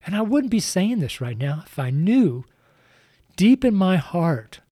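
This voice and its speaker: A man's voice: high-pitched, sing-song, measured pace, warm tone, no echo, studio quality. A man preaching on a podcast, earnest and repetitive, speaking straight to the listener. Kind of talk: evangelistic podcast sermon.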